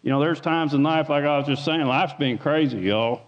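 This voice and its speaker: A man's voice: fairly high pitch, normal speed. Folksy man preaching in a hall. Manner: folksy, repeats words, asks the room "Amen?". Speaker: lay preacher. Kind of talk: informal sermon. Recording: dull sound with long hall reverb.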